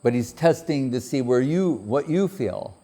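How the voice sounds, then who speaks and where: A man giving a spiritual talk, telling a story in a lively way, quoting others in a raised voice and laughing often. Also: mid-range voice, unhurried. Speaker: spiritual speaker.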